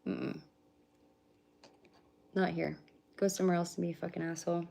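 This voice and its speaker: Woman, 30s, low voice, rambling blunt streamer who swears freely. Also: little pitch movement, normal speed, creaky, dark tone. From British Columbia, Canada. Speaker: livestreamer. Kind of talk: casual live-stream chat.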